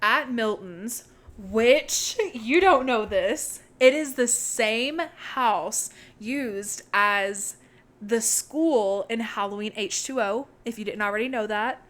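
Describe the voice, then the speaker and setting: A young woman co-hosting a podcast, excitedly retelling a movie's plot in casual chat and swearing freely. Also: on the high side, slow. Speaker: podcast co-host.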